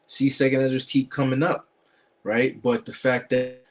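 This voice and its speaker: A man's voice: medium pitch, little pitch movement, moderate pace. A man giving casual reaction commentary on a video, preachy and scornful, quoting scripture and swearing.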